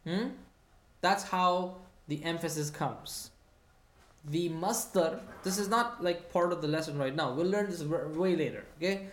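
A patient teacher leads an online grammar class at a middle pitch. The delivery checks in often and repeats key points. The voice carries a clear echo from the room. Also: moderate pace. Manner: patient, checks understanding with frequent "hmm?" and repeats key phrases. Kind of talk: online Arabic grammar lesson, reading student comments. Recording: roomy echo.

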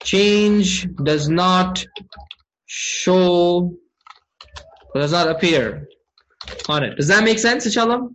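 A man teaching an online Arabic grammar class, often asking his students questions and reciting verses quickly. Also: high-pitched, animated, fairly bright tone, a little hiss or hum, low-quality recording. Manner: engages students with frequent questions.

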